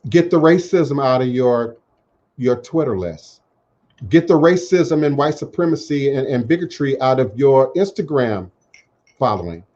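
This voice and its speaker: A man talks to his radio audience in a measured, emphatic monologue. He stacks lists and repeats phrases for weight. The audio is muffled and lo-fi, like internet talk radio. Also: mid-range voice, expressive, a little mellow. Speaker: radio show host.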